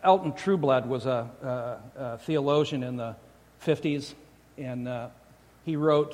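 A man's voice: medium pitch, a little slow, darkish tone. A man preaching a sermon as a pastor, talking in a loose, joking way and often restarting his sentences. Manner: conversational, joking, frequent restarts. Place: church sanctuary. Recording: long church hall reverb.

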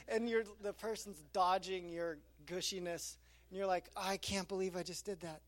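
A man's voice: high voice, brisk. A middle-aged man preaching a sermon as pastor, telling stories with quoted asides. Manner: animated storytelling with quoted asides.

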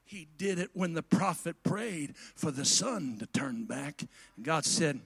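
A man preaching a sermon to his congregation in a folksy way, addressing them directly and swinging from quiet asides to shouted climaxes. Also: on the high side, expressive, measured pace, vocal fry, slightly rough.

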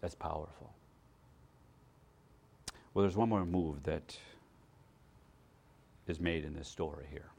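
A male pastor giving a sermon, talking conversationally and checking in with his listeners, swinging between loud emphasis and hushed asides and often repeating words as he goes. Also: a bass voice, slow pace, gravelly, long pauses, breathy edge.

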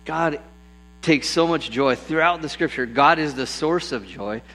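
A man preaching a sermon, telling stories with lively bursts and acting out the people in them. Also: fairly high pitch, unhurried, low-quality recording. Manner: lively storytelling, acts out voices with bursts of excitement. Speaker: pastor.

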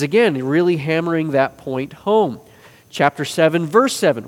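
A man teaching a discipleship class, explaining a text and stressing key phrases with slow, emphatic repetition. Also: fairly high pitch, lively intonation. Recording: reverberant hall.

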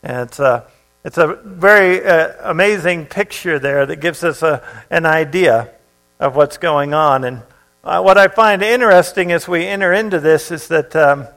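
A man's voice: on the high side, moderate pace, a bit bright, soft background music, rough recording. A man preaching a sermon, reading a Bible passage aloud and then explaining it in a loose, conversational way with fillers and restarts. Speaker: pastor.

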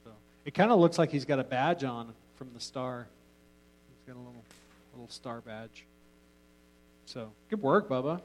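A man's voice: medium pitch, lively intonation, moderate pace, pauses often, a little hiss or hum, poor audio. A man teaching an informal Bible class in a casual, joking way, often restarting his sentences.

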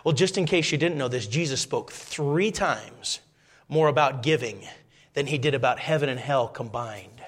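A middle-aged man preaching a sermon, dropping into quiet asides and rising to loud, fervent passages. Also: medium pitch, normal speed.

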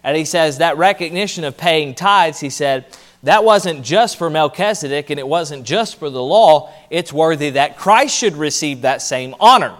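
Man teaching a sermon, fairly high voice. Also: lively intonation, moderate pace, a bit bright. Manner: explanatory teaching, reads scripture aloud; repeats points for emphasis. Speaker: pastor.

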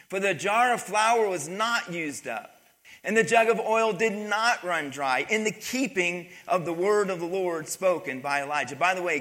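A man's voice: on the high side, pushed and bright. A male pastor delivering a sermon, reading scripture and explaining it emphatically, with call-outs to the congregation. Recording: long hall reverb.

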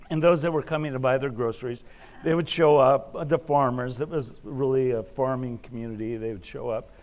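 Man, middle-aged, sermon, conversational storytelling, halting restarts. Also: medium pitch, darkish tone. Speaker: preacher. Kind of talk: sermon with personal stories. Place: Alaska.

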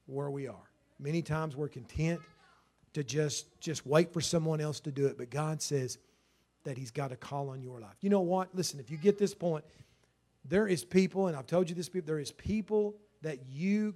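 A man preaching a fervent sermon as pastor, swinging from hushed lines to loud emphatic ones. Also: fairly high pitch.

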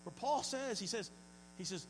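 A man's voice: high voice, lively intonation, moderate pace. Man, pastor, sermon, earnest folksy delivery, repeats words, long hall reverb, faint mains hum. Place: church hall.

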